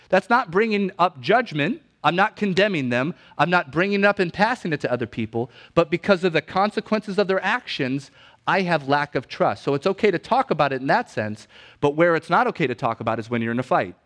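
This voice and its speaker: A man preaching a sermon in a conversational teaching manner, often checking in with "right?" and "okay?" and slowly repeating key definitions so listeners can write them down. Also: fairly high pitch, expressive, a bit bright. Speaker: pastor.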